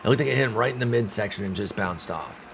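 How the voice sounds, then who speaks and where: Gaming streamer, male, deep voice; relaxed play-by-play that flips into exasperated outbursts. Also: quick pace, background noise. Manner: animated, swings from calm calls to loud outbursts and groans. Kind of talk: casual play-by-play of a baseball sim.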